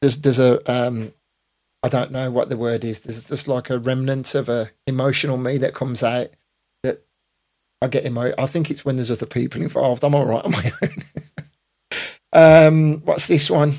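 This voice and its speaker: A man's voice: medium pitch, fairly even intonation, normal speed, a little mellow. A man in his fifties, a DJ hosting a casual live stream, rambling with lots of fillers and restarts. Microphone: computer or phone mic on a live stream.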